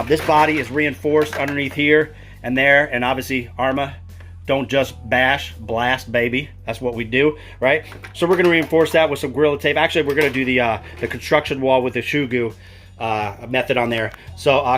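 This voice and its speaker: A man's voice: mid-range voice, fairly bright tone. An enthusiastic, chatty man, giving a casual product walkthrough with many fillers. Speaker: RC product reviewer. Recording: music playing underneath.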